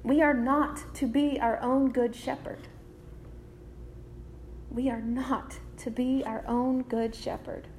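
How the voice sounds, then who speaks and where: A woman preacher delivering a sermon in a measured, deliberate way, repeating key phrases. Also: sits high, little pitch movement, darkish tone, slight background noise.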